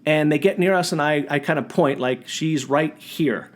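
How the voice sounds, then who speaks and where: A man hosting a podcast, telling a personal story as a monologue, animated and often restarting his sentences. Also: a little high, fairly quick. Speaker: podcast host.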